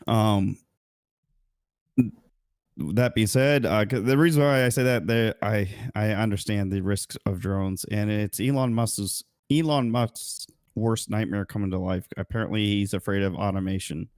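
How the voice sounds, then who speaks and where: A man's voice: on the low side, a little slow, a little mellow, dry recording, studio quality. A man co-hosting a casual podcast, rambling through news with frequent fillers and self-corrections. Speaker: podcast co-host.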